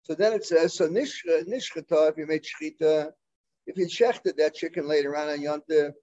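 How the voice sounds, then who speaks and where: Guy with a high voice teaching talmud, lots of uhs and restarts, kinda muffled sound. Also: darkish tone. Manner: halting, full of fillers and restarts, mixing Hebrew and Aramaic terms. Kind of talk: Talmud class lecture.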